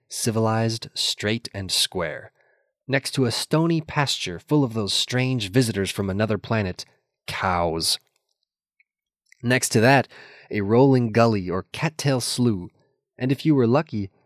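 An older man reads his own memoir essay in a measured, reflective way with a wry edge. His voice sits low and unhurried. The sound is dry and close, with no room around it. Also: no room sound. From Minnesota, USA. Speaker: reader of a personal essay. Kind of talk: reading a memoir essay aloud.

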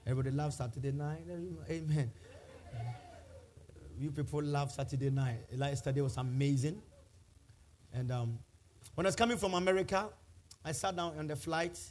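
Pastor preaching over music. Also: male voice, a little high, fairly even intonation, moderate pace, pauses often. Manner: preaching with rising shouted declarations and repeated phrases. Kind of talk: sermon. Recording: music playing behind the voice.

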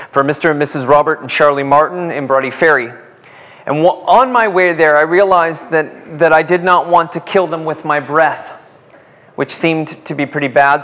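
A man's voice: fairly high pitch, a bit bright. A male pastor preaching a sermon, asking rhetorical questions and calling on the congregation to respond.

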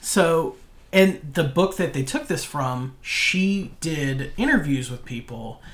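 A man's voice: fairly high pitch, animated, slow, a bit bright. A man co-hosting a podcast, eagerly explaining film background in casual chat. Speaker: podcast co-host. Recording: roomy echo.

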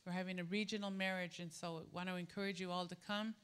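Bright-voiced woman preaching a chatty sermon. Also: fairly low pitch, quick pace, clean tone. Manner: chatty, animated storytelling with laughter. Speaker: pastor. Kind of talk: casual sermon with personal story. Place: church sanctuary.

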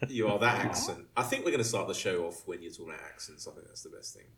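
A man hosting a podcast in casual chat, jokey and quick to laugh. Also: low voice. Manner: jokey, lively, giggly. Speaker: podcast host.

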